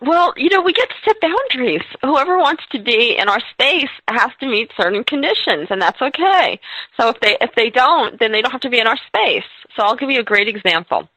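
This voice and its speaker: A woman's voice: on the high side, big pitch swings, a little fast, bright, forceful tone, no echo, rough recording. A woman hosting a podcast conversation, telling stories in an upbeat way with frequent affirmations. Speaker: host.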